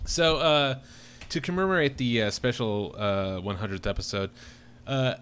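A man's voice: medium pitch, normal speed, a bit bright, clear, resonant tone. A man hosting a podcast in casual chat, laid-back and teasing, with many fillers. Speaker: podcast host. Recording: faint background noise.

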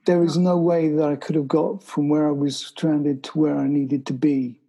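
Middle-aged man, interview guest; husky, gravelly voice, stops and restarts mid-sentence. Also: a little high, level tone, mellow, low-quality recording. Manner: halting, restarts sentences, vivid storytelling. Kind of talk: storytelling in conversation.

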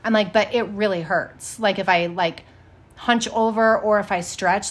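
A woman in her thirties co-hosting a casual podcast chat, telling lively stories and acting out what people said. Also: mid-range voice, normal speed. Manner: animated storyteller, acts out quotes. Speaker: podcast co-host.

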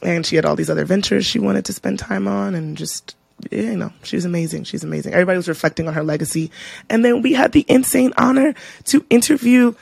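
A woman co-hosting a podcast, chatting casually and telling stories in an expressive, animated way. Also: medium pitch, fast talker, gravelly, breathy edge, no echo. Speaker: podcast co-host. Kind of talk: casual chat.

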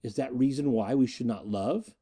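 A man's voice: mid-range voice, normal speed, dark tone, lightly acted. A man voicing a proud, jealous Martian woman in an audiobook reading. She speaks in a stern, scornful and intense way.

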